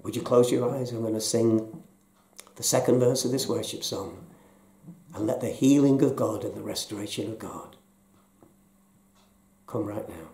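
A man preaching a sermon as pastor, speaking slowly and softly, sometimes sinking to a near whisper. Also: lowish voice, vocal fry, roomy sound. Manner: slow, soft-spoken, dropping to near whispers.

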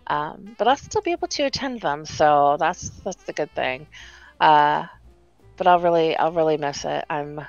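A woman hosting a virtual-world event in casual chat, emotional and halting, with many fillers. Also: low-pitched, animated, gravelly, no room sound, highs cut off, faint music behind.

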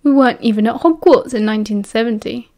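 A woman's voice: on the high side, a little slow, darkish tone, lightly acted. A woman with a British accent voicing a guarded, sullen teenage wizard boy who gives curt, clipped replies in an audiobook. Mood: defensive.

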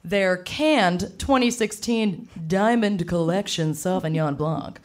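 A woman's voice: on the low side, slow pace. A woman co-hosting a live podcast show on stage, brash and joking, laughing often. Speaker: podcast co-host.

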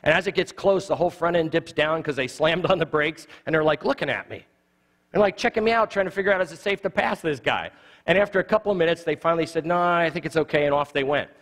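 A man in his forties teaching an evangelism class in a church, a quick, jokey storyteller who acts out the dialogue in his stories. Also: on the high side, fairly bright tone. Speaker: lay evangelism trainer. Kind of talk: live teaching talk with humorous stories. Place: church sanctuary. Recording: long church reverb.

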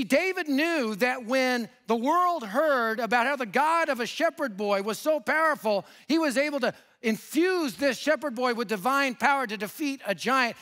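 A man with a high voice preaches a sermon through lively stories. He swings from punchy emphasis to hushed, quiet lines. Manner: animated, swings from loud to hushed. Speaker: guest preacher. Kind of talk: sermon storytelling.

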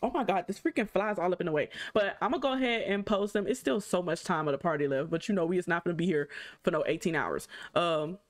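A woman doing let's play commentary at her desk mic, chatty, excitable and gushing as she talks through her game. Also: on the low side, quick pace, no echo. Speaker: gaming YouTuber.

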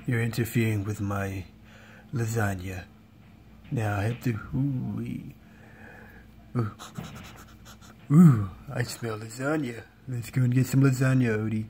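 A lazy, bossy male cartoon cat who lives for lasagna, as a man does his impression of him. He talks in a flat, droning drawl that barely rises or falls. A faint hum sits under the recording. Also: lowish voice.

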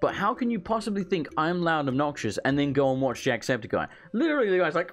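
Animated ranting man commentating a game. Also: a little high, fast, few pauses. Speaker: let's play gamer. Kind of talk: casual gameplay commentary.

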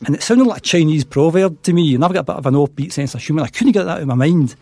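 Scottish man, middle-aged, rapid chatty storytelling, slightly raised pitch. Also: a little mellow, slightly rough, no echo. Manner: acts out quoted dialogue in his stories. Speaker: podcast guest. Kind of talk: anecdotal storytelling.

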